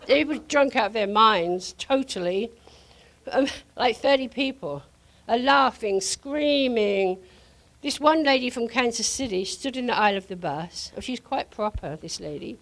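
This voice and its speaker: An older woman telling a testimony to a congregation, her voice fairly high and swinging widely in pitch. She laughs often as she speaks, with the lively pull of a practiced storyteller. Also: measured pace.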